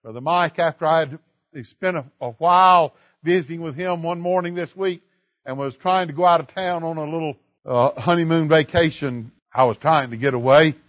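Guy preaching, high voice swinging all over, kinda muffled lo-fi sound. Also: dry recording. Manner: storytelling, then rising and slowing for emphasis on key lines. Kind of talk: sermon.

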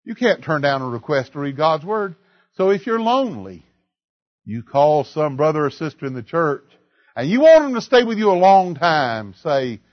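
A male preacher with a high, very animated voice that climbs and slows on the big lines. The recording is close and dry, with a dull, lo-fi tone. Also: dry recording. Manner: storytelling, then rising and slowing for emphasis on key lines. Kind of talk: sermon.

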